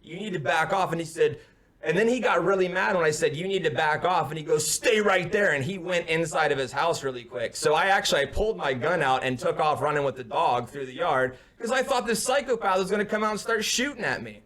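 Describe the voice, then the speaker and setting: A young man, co-host of a casual talk show, tells a story over a remote call with headphones on. His voice sits a touch high. He leaps into the other man's lines with shouts and sharp rises. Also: lively intonation, quick pace. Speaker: podcast co-host.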